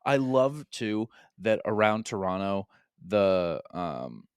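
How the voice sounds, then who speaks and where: A man's voice: fairly low pitch, sing-song, slow, clear, resonant tone, no echo, studio quality. A man co-hosting a sports podcast, talking in a gleeful, mocking way and swearing casually. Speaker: podcast co-host.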